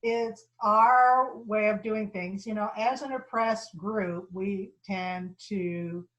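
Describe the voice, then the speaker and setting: A woman lecturer telling a personal story, with halting restarts and repeated phrases, acting out the people she quotes. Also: medium pitch, dull audio. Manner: animated, voices the people in her story.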